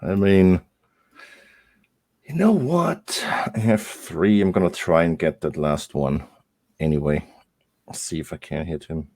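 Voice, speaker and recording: A man's voice: a bass voice, level tone, a little slow, darkish tone. A man playing a half-orc in a tabletop game, joking in casual table banter. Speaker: player. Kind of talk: casual table talk as a player.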